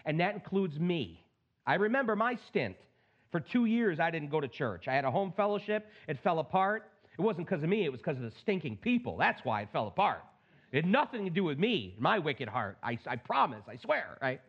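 A middle-aged male pastor preaching a sermon in an animated, plain-spoken way with joking asides. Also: fairly high pitch, fairly quick, husky, lo-fi sound.

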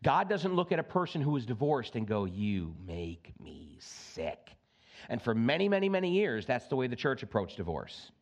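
A male pastor preaching a sermon in an animated way, slipping in joking asides. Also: medium pitch, fast talker, hardly any pauses.

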